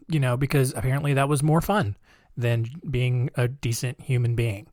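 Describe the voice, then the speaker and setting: A man's voice: medium pitch, moderate pace, mellow, no room sound, clean studio sound. A man hosting a podcast, narrating casually with chatty, sarcastic asides. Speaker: podcast host.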